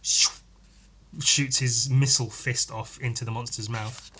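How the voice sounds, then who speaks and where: A man's voice: medium pitch, flat delivery, a little slow, pushed and bright, slightly rough. A man hosting a podcast, chatting casually as he reads through a comic aloud, enthusiastic and sweary, laughing often. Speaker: podcast host.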